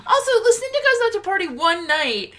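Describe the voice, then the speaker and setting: Lively, laughing woman recapping a movie. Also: extremely high pitch, fairly quick. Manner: animated, laughing, sarcastic asides. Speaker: podcast co-host. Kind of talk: casual movie recap chat.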